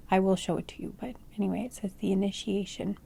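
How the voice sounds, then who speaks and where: Soft-toned woman giving a rambling tarot reading. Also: mid-range voice, little pitch movement, quick pace, creaky, slight background noise. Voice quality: whispered close to the microphone. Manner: rambling, searching for words with many "like"s and restarts. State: losing her voice. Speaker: tarot reader. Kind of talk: casual tarot reading to camera.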